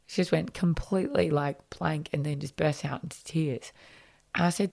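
A woman's voice: lowish voice, a little fast, vocal fry, darkish tone, breathy edge. An Australian woman in her thirties, a podcast guest frankly telling a personal story in a conversational way, acting out what people said. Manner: frank, conversational, reenacts dialogue with many fillers.

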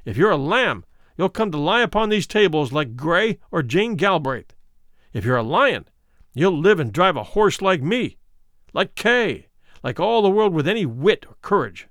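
A man voicing a smooth, worldly and ruthless male doctor who talks in a coolly persuasive, condescending way. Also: on the high side, big pitch swings, moderate pace, a bit bright, no echo, clean studio sound.

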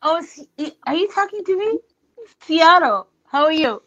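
A woman's voice: very high voice, animated, measured pace, a bit bright, lo-fi sound. A woman originally from Africa calling in to a live show, chatty, confident and candid. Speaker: caller.

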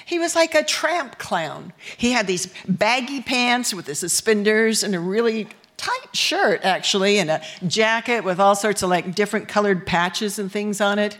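A woman's voice: mid-range voice, expressive, moderate pace, few pauses, a bit bright. A woman from the United States telling a bawdy personal story on stage, candid and laughing as she goes. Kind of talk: live storytelling performance.

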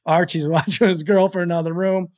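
A man in his forties telling a story in casual chat on a podcast, acting out his family's shouts. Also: sits high, brisk. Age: 40s. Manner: animated storyteller who acts out family members' shouts. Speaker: podcast guest.

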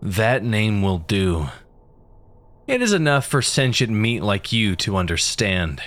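A booming skeletal demon, as a male narrator puts it on, cruel and hungry for flesh. It growls its words out slowly and low, savoring every threat in a storybook horror tale. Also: big pitch swings, fairly bright tone, exaggerated voice. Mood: menacing.

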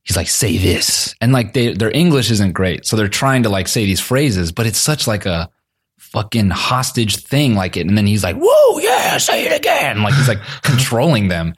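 A man chatting casually on a podcast, telling an animated story, acting out quotes, swearing often and laughing a lot. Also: lowish voice, moderate pace, slightly rough. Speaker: comedian co-host.

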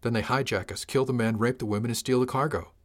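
A man's voice: mid-range voice, steady tone, fast talker, lightly acted. A man voicing a nervous, suspicious young ship's astrogator who talks eagerly. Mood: anxious.

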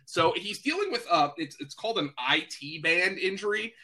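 A man's voice: sits high, sing-song, moderate pace, sharp tone. A man talking fantasy football in a casual podcast chat, chatty and self-deprecating, with lots of fillers and restarts.

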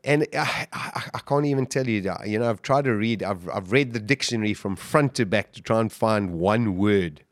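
A man's voice: fairly low pitch, moderate pace, few pauses, no room sound, clean studio sound. A middle-aged man, a podcast guest, telling a survival story intensely and vividly, acting out his own quotes. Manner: animated, vivid retelling with acted-out quotes.

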